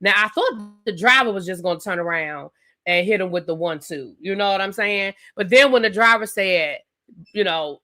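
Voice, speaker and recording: A woman hosting a live TV review stream, recapping an episode in a chatty, animated way with lots of fillers and asides. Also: medium pitch, normal speed. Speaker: TV review channel host.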